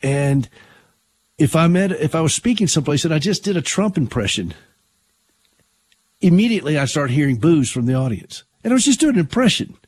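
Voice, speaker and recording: Older male talk host, husky, conversational, stops and restarts his thoughts. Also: a little high, big pitch swings, brisk, a little mellow, no echo. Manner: earnest, conversational, with frequent restarts. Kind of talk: conservative Christian talk radio.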